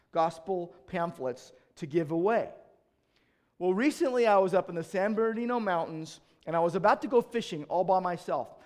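A male pastor preaching a sermon in an emphatic way, telling stories with acted-out exchanges and swinging between loud urging and quiet, low passages.

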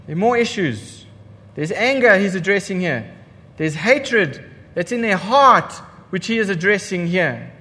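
Emphatic preacher with lively high voice. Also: male voice, measured pace, in a large hall. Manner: emphatic, repeats key lines for effect; rhetorical questions to the congregation. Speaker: pastor. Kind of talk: sermon.

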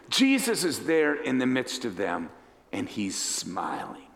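Animated storytelling preacher, echoing hall. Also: male voice, mid-range voice, takes it slowly, gravelly. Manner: dramatic, animated storyteller who acts out characters. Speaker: pastor. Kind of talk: storytelling sermon. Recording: echoey hall reverb.

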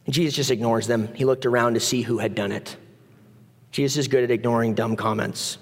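A man preaching a sermon in a conversational, animated way, acting out the voices of the people in the story. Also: medium pitch, fairly quick. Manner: conversational, animated, acts out voices of biblical figures. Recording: long reverb of a hall.

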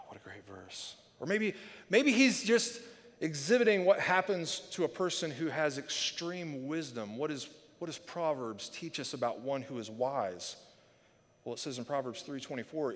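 Man, pastor, sermon, chatty storytelling, slightly high voice, long hall reverb. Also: normal speed. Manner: animated storytelling, chatty asides, frequent restarts.

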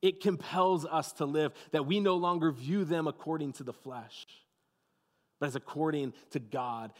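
A pastor giving a sermon, telling the story with dramatic pauses and dropping to a hushed, soft voice. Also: male voice, mid-range voice, in a large hall.

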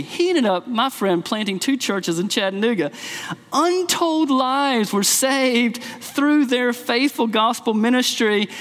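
Man, pastor, sermon storytelling, high voice, reverberant hall. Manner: storytelling, with animated acted quotes.

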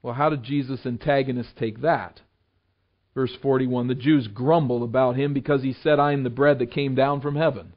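A man preaching a sermon as a pastor, building emphasis on scripture and dropping low and soft for earnest appeals. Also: fairly even intonation, normal speed. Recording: dull lo-fi sound.

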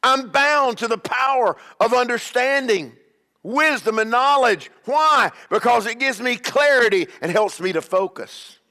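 A man's voice: very high-pitched, lively intonation, measured pace, sharp tone, in a large hall. A man preaching as a bishop, emphatic, with call-and-response and repeated questions to the congregation. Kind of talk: sermon.

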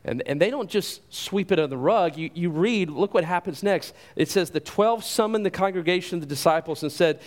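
A man preaching a sermon, emphatic, asking rhetorical questions and doubling words as he stresses a point. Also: high voice. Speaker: pastor.

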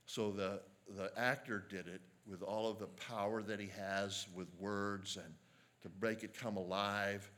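A man preaching a sermon as a pastor, earnest and measured, slowing down to stress quoted lines. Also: fairly low pitch, little pitch movement, a bit bright.

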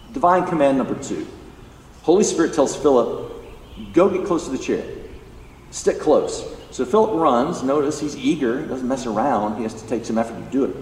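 A pastor preaching a sermon, emphatic and animated, acting out the lines he quotes. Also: mid-range voice. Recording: echoey hall, distant mic, faint background noise.

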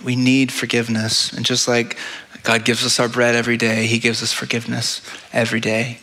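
A male pastor preaching in an earnest way. His voice is bright and forward, at an ordinary middle pitch. He often poses rhetorical questions and then answers them. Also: monotone, a little fast. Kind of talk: sermon.

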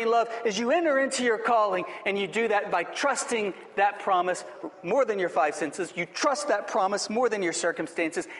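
High-voiced preaching man in echoey hall. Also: fairly bright tone. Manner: emphatic, repetitive preaching with rising exhortations. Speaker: pastor. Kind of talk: sermon. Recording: long reverb of a hall.

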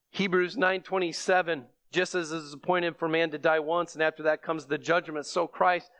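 A man's voice: fairly high pitch, fairly bright tone, smooth, no echo. A man preaching a sermon in an earnest way, with sudden emphatic bursts on repeated phrases.

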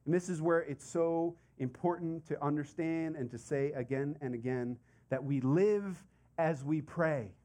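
A middle-aged man preaching a sermon as pastor, conversational and animated, with casual asides and repeated phrases. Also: on the high side.

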